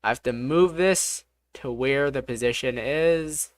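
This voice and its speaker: A game developer streaming live, talking through each step aloud, excitable and swearing often. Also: mid-range voice, unhurried, no echo. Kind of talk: live-streamed coding commentary.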